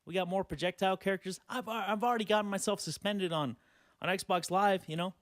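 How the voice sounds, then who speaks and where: A man's voice: sits high, fairly quick, dry recording. Profane ranting young man, dry close mic. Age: 20s. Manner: sarcastic, profane, rambling with many fillers. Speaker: podcast host. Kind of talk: ranting solo podcast.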